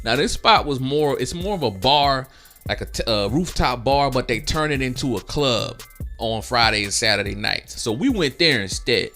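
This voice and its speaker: A man's voice: mid-range voice, expressive, moderate pace, bright, forceful tone, faint music behind. A young man telling a slangy story casually and acting out quotes. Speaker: gaming storyteller. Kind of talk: casual storytelling over gameplay.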